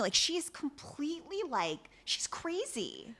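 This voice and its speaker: A woman's voice: mid-range voice, big pitch swings, unhurried, fairly bright tone. A woman co-hosting a podcast, chatting casually and acting out scenes with quoted lines and swearing. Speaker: podcast co-host. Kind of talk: casual chat recapping a drama.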